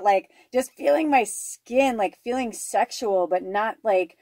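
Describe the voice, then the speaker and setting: A woman reading oracle card messages in a slow, measured way and telling a chatty personal story full of fillers. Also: a little high, a little mellow, no room sound, clean studio sound. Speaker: spiritual card reader.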